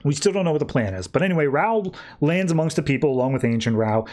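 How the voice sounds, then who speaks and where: A man hosting a podcast, giving a casual, animated recap of a comic book and acting out the characters in quick voices. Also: on the high side. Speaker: podcast host.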